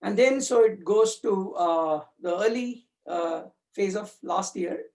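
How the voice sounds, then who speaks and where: A community speaker gives a thoughtful personal talk about his spiritual reading, searching for words with frequent fillers and restarts. His voice is high-pitched and a little mellow, and he takes it slowly.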